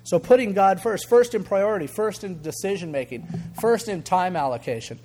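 At a moderate pace and in a high voice, an older pastor tells stories during his sermon. He talks in a relaxed, animated way, voicing the people he quotes and chuckling now and then.

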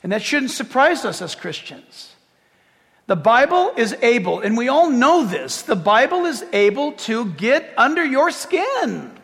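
A pastor preaching a sermon in a church, animated and joking as he acts out scripture scenes. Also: extremely high pitch, unhurried, gravelly, long reverb tail.

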